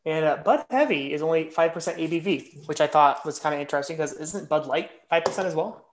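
A man's voice: fairly high pitch, fast. A man co-hosting a casual podcast, joking in a laid-back way. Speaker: podcast co-host. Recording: roomy echo.

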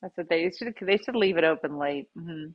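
A woman host casually telling a funny story, jumping into loud quoted voices. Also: lowish voice, moderate pace, muffled recording. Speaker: podcast host.

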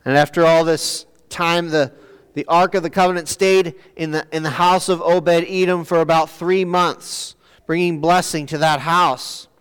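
A man preaching a sermon, pausing and repeating words as he searches for the next phrase. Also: a little high, steady tone, smooth. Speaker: pastor. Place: church sanctuary. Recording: long church reverb.

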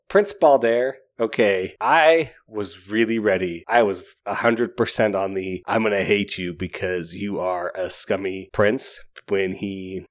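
A man casually reviewing a book, rambling and enthusiastic, with plenty of fillers. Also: lowish voice.

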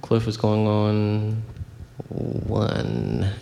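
A young man with a very deep, gravelly voice tells stories in an easygoing interview, slipping into little voices for the people in them. He is from Miami and grew up speaking Haitian Creole. His delivery stays loose and chatty. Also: big pitch swings, extremely slow, dark tone, a little hiss or hum. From Miami, Florida. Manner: storytelling, acts out voices with laughter. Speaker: bandleader. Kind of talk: casual radio interview chat.

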